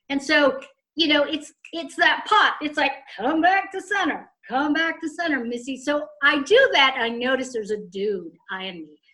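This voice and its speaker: Bright, high-voiced woman telling a story. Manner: profane, animated, snarky. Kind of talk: casual storytelling chat.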